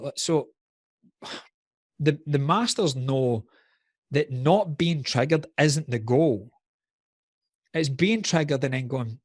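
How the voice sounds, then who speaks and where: A man's voice: medium pitch, breathy edge, no room sound, studio quality. A man in a casual podcast conversation, blunt and candid, swearing freely while reflecting on personal wounds.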